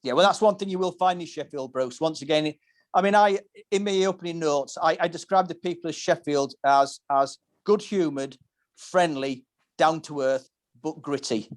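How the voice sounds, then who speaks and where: A man with a somewhat high voice, speaking at a normal pace, hosts a laid-back pub-talk podcast. He rambles through long, descriptive stories, restarting his sentences often.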